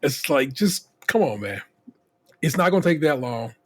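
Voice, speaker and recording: A man with a husky voice co-hosts a casual podcast. He rants profanely and animatedly, stumbles through restarts, and acts out other people's words. His pitch sits at an ordinary middle. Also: sing-song, moderate pace. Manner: profane, ranting, lots of restarts. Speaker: podcast co-host.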